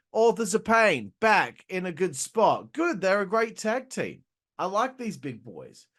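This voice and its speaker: Sweary, rambling man reviewing wrestling. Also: a little high. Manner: rambling, sweary, laughs at his own jokes. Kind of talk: casual profane video review.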